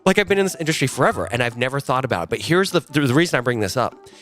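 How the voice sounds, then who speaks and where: A middle-aged man talks fast and lively, telling a story to his podcast hosts. He acts out the other people's lines as he goes. Faint music plays underneath. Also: mid-range voice. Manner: animated storyteller, acts out quotes. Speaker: guest, watch retail worker. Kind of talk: casual podcast chat, storytelling.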